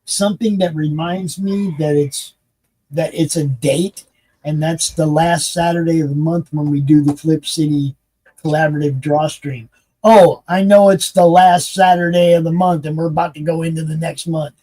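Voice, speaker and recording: High-voiced rambling man hosting. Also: fairly even intonation, mellow, poor audio. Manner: rambling and profane, with quick laughs. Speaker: host. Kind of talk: casual chat.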